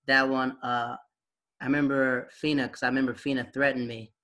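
A man's voice: mid-range voice, little pitch movement, brisk, sharp tone. A young adult man sharing memories in casual chat, rambling, with lots of filler words and frequent laughs.

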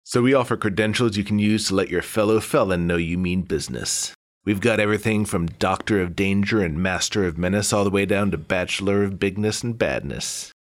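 A shrewd underworld proctor, as a man acts him out in a comic audio drama. He speaks low and dry with a sly, matter-of-fact calm. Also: brisk, natural voice.

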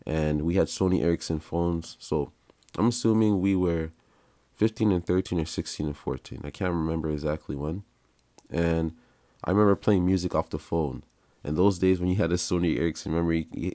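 With a low-pitched, dark-toned voice on a dry recording, a young podcast host shares casual stories in a loose, slangy way and laughs throughout.

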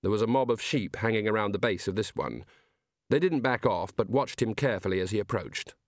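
A man reading a novel aloud as an audiobook narrator, in measured storytelling. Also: fairly low pitch, lively intonation, no room sound, clean studio sound. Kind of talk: scripted narration.

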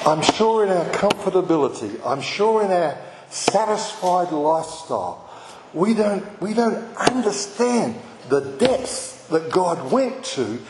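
A man's voice: high-pitched, sing-song, takes it slowly. Man, pastor, emphatic sermon, long hall reverb, noisy background. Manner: impassioned, emphatic, repeats phrases. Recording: echoey hall with background noise.

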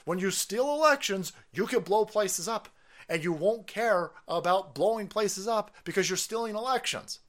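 A man ranting on his stream as a political commentator, foul-mouthed, sarcastic and mocking. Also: sits high. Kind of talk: profane political rant on a stream.

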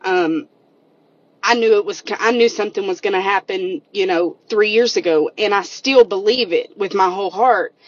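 A woman tells a personal church testimony, earnest and emotional, at a middle pitch. Her voice comes through a dull, lo-fi recording. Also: normal speed. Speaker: member of a church women's group sharing a testimony. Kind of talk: personal testimony in casual talk.

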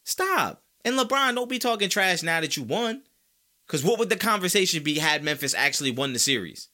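A man hosting a sports talk podcast, ranting with loud, high-pitched outbursts between stretches of lower, calmer talk. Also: brisk. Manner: animated, swings into high-pitched shouts. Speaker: podcast host. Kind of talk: fired-up sports talk rant.

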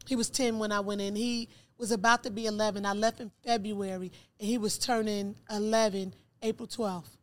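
A woman's voice: medium pitch, level tone, normal speed. A woman guest on a podcast, telling her life story in conversation and acting out dialogue from her memories. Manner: repeats words for emphasis.

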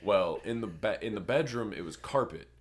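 Deep-voiced man telling a crude story. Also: lively intonation, moderate pace. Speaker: podcast co-host. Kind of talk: casual chat.

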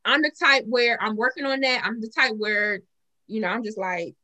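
Bright, outspoken young woman. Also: fairly high pitch, normal speed. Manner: animated, outspoken, swears freely. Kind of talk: casual podcast chat.

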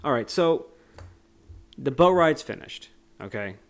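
A man's voice: medium pitch, sing-song, a little slow, creaky. A young man co-hosting a podcast, recapping a movie in a rambling, joking way with frequent laughs. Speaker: podcast co-host. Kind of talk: casual movie discussion.

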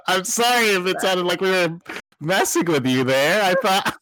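A woman's voice: fairly low pitch, unhurried, fairly bright tone. A woman co-hosting a casual podcast, giggly and playful. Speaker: podcast co-host. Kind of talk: casual recap chat.

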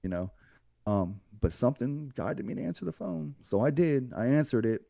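A man's voice: medium pitch, very animated, moderate pace, creaky, dark tone, dry recording, clean studio sound. A man guest on a podcast, telling a personal story in a blunt, profane way and acting out what others said to him. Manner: blunt and profane, acts out others' lines in a raised voice.

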